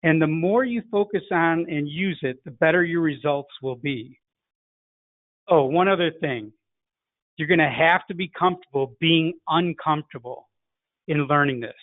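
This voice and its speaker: With a fairly high pitch and a moderate pace, a middle-aged man speaks in a Chicago accent, being from Chicago himself. He teaches sales in a direct coaching manner, acting out phone greetings. The recording is dry and tinny like a phone, with no room sound.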